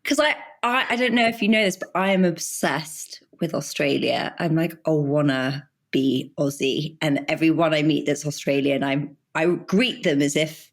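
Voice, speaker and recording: A woman's voice: normal speed, hardly any pauses. Enthusiastic woman podcast host. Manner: enthusiastic, laughs easily, jumps up in pitch when excited. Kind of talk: casual interview chat.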